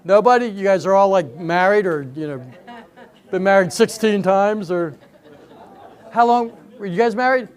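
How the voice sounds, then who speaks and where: An older man doing stand-up comedy with a strikingly high-pitched voice. He tells rambling personal stories and stops to quiz the crowd. The routine is for a live audience at a senior center. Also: moderate pace, long pauses, smooth. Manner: chatty storytelling, banters with the audience.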